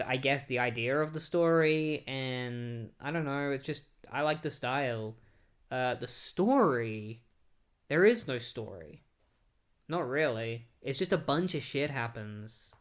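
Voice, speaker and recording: Man of ordinary pitch, relaxed, filler-heavy comic book reviewer with frank opinions. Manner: loose and conversational, full of "like" and "um"; recaps the plot then gives blunt opinions. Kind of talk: casual spoken review.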